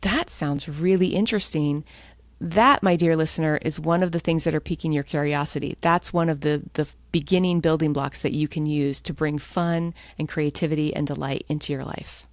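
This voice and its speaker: Guest author, American woman, lively and upbeat, low-pitched, close dry mic. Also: brisk, few pauses, dry recording. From United States. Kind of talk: podcast interview.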